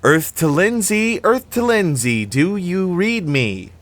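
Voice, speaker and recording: Man doing a high, sarcastic teen babysitter, quick quips, storybook reading. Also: animated, natural voice. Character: teenage girl babysitter, wisecracking and jumpy.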